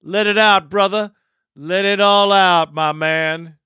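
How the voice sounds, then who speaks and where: A man hosting a fan call-in radio show, calming callers down and encouraging them to vent. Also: sits high, takes it slowly.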